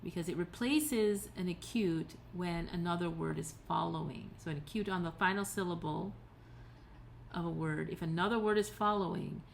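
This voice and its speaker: Patient woman teaching, low gravelly voice. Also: normal speed, slight background noise. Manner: patient, explanatory, occasional fillers and self-corrections. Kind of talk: recorded tutorial lecture.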